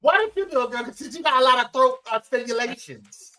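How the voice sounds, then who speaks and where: A man hosting a casual live-stream morning show, animated and playful, his voice swooping high when he teases. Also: fast, faint music behind, poor audio. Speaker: host.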